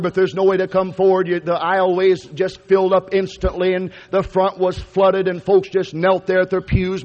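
A man's voice: sits high, darkish tone. A man preaching a sermon, telling a story in a folksy, conversational way with frequent restarts. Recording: lo-fi recording with long hall reverb.

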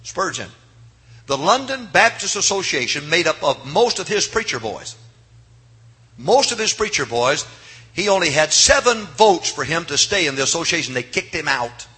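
Male revival preacher, husky and bright, hushed-to-shouting delivery. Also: on the high side, sing-song, normal speed. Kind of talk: revival sermon. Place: church sanctuary.

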